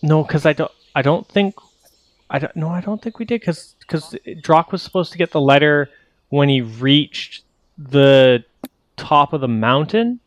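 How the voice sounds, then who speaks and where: A man's voice: on the high side, a little slow, dry recording. A man narrating as game master, rambling and correcting himself as he explains the scene.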